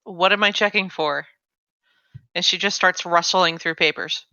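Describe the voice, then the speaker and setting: Female player, bright crisp voice, dry close sound, eager casual chat. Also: on the low side, fairly even intonation, a little slow, dry recording, dull audio. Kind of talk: casual tabletop play.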